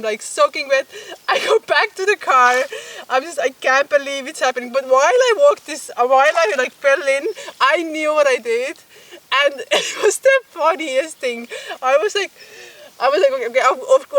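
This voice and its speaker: Outdoors by a bog with bugs around, a high-pitched woman who works as a photographer and vlogger chats to her camera, giggling and laughing often through a casual story. Recorded on the camera mic, her voice sits a little away from it, sounding slightly distant, open, and a bit bright, with slight background noise.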